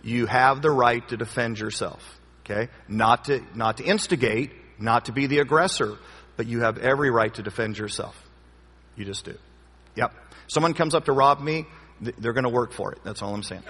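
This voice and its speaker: A man's voice: mid-range voice, normal speed, sharp tone, slightly rough. Pastor guy teaching a bible study, chatty and jokey, punches key points, voice rings around a big hall. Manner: conversational, joking, emphatic. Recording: long hall reverb.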